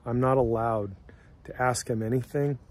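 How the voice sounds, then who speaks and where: A polite, firm police officer, apologetic but unbending, in a story, as a male narrator puts him on. The voice sits at an ordinary middle pitch. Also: fairly even intonation, normal speed, darkish tone, close to an everyday voice.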